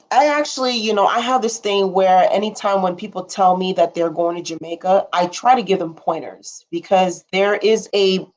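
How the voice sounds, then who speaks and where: A young woman hosting a casual livestream, rambling frankly with blunt asides and casual swearing, and answering viewer comments as she talks. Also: medium pitch. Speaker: livestream host.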